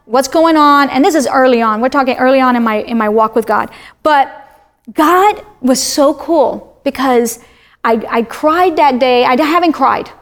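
Woman, from Florida, high voice, animated storyteller, chatty, faith testimony. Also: moderate pace. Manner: animated storyteller, self-described talker. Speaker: guest sharing a faith testimony. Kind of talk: conversational testimony.

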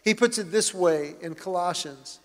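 Middle-aged male pastor, high voice, earnest emphatic sermon delivery, long hall reverb. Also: normal speed.

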